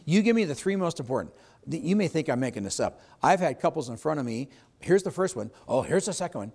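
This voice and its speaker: A man's voice: a little high, very animated, fast, vocal fry, a little mellow, breathy edge. A man teaching real estate agents at a live seminar, making his points with emphasis and putting questions to the audience. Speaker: real estate sales trainer. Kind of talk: live sales training seminar.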